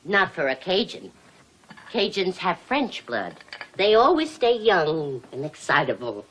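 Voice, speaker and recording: A woman's voice: on the low side, a little slow, a little hiss or hum, low-quality recording. A doting Cajun mother. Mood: boastful. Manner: fussy, sweet-talking, animated. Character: doting plump Cajun mother, fussy and chatty. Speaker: actress in a film. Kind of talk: 1950s film acting.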